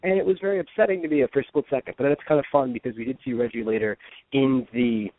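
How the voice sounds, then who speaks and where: A man's voice: mid-range voice, fast, dry recording. A man co-hosting a casual radio podcast, chatting in a loose, rambling way. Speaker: podcast co-host. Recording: dry phone-line sound.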